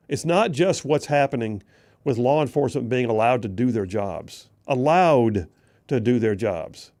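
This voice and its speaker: A man's voice: mid-range voice, darkish tone. A man hosting a talk radio show, delivering an emphatic, folksy monologue, repeating phrases for punch.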